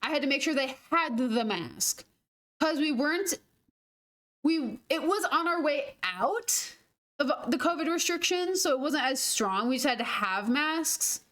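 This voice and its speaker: A woman's voice: high-pitched, expressive, measured pace, a bit bright. A young woman streaming a game, chatting casually and telling stories with laughs and the odd swear. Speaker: gaming streamer. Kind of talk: casual storytelling while gaming.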